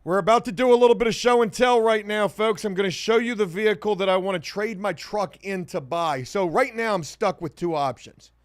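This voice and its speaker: A man with a high-pitched voice, hosting a casual livestream and chatting with viewers. He jokes around, hyping things up loudly and then dropping into quiet mumbled asides, all in a dry, close sound. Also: a little fast, few pauses, no room sound. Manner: joking, swings between loud hype and muttered asides. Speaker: livestream host. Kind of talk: casual livestream chat reading comments.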